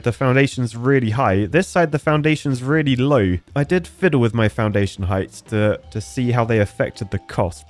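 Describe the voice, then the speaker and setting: Male gaming host, mid voice, thinks aloud, chuckles, faint music behind. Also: mid-range voice. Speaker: gaming YouTuber. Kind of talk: casual game commentary.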